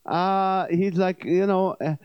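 A man who is an evangelist, delivering a comedic sermon at a church service in an animated, joking way. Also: high-pitched, takes it slowly, clean tone, no room sound. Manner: animated, joking, swings between loud punchlines and quiet asides. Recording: dull dry lo-fi sound.

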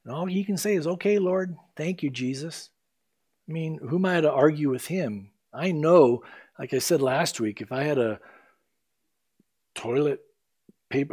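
A man preaching a sermon as pastor, earnest, swinging between loud emphasis and hushed, soft passages. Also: medium pitch, husky.

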